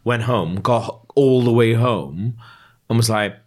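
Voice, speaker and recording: A man's voice: on the low side, fairly quick. A man, co-hosting a podcast, chatting casually and acting out anecdotes. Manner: animated storyteller, acts out voices. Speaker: podcast co-host. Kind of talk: casual chat.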